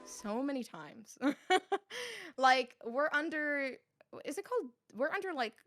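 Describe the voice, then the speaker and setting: A woman's voice: sits high, animated, a little slow, a bit bright, faint music behind. A young woman, an esports commentator, telling rambling stories in a casual studio interview, laughing often. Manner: giggly, rambling storyteller.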